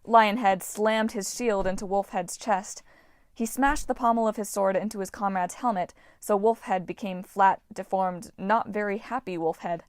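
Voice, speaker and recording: Woman narrator for a fantasy audiobook, mid pitch, dry close recording, animated reads. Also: moderate pace, clear, resonant tone, no room sound. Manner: lively, voices characters with shouts. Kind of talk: audiobook narration with character voices. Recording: dry, low-quality home recording.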